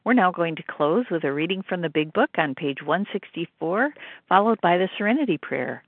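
A woman's voice: fairly low pitch, expressive, brisk, dry recording. A woman chairing a support meeting, graciously thanking each speaker and calling on the next. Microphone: phone call. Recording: dry tinny phone line.

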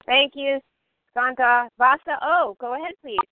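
A woman's voice: high-pitched, unhurried, dry recording. A woman chairing a recovery phone meeting, politely calling on each speaker. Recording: dry phone-line audio.

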